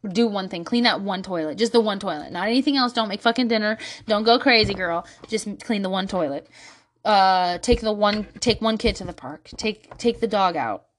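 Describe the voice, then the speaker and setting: A woman's voice: medium pitch, normal speed, a little hiss or hum. A young woman telling a candid, self-mocking story in a casual monologue, swearing freely and laughing often. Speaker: podcast host.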